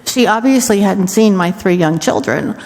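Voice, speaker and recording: A woman's voice: medium pitch, lively intonation, moderate pace, a little mellow. A woman council member giving her report in a chatty, personal way at a council meeting. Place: borough council chamber. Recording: echoey council chamber.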